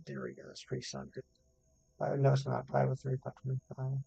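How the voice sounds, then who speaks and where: A man's voice: medium pitch, completely flat delivery, fairly quick, gravelly, dark tone, husky, dry recording, highs cut off, faint music behind. A man streaming a game live, chatting casually and reading viewer comments aloud. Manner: chatty, reads chat aloud, self-deprecating. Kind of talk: live stream chat while gaming.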